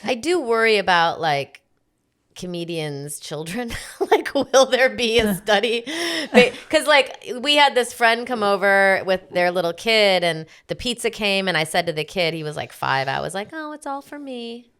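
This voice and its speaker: A woman co-hosting a podcast, an animated storyteller who acts out the lines she quotes. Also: mid-range voice, moderate pace, clear, resonant tone. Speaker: podcast co-host. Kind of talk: casual comedic chat.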